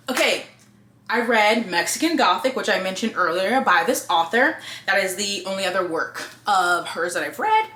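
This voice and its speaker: A woman reviewing books in a casual, blunt, expressive way and swearing freely. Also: mid-range voice, moderate pace, echoey room. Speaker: book reviewer.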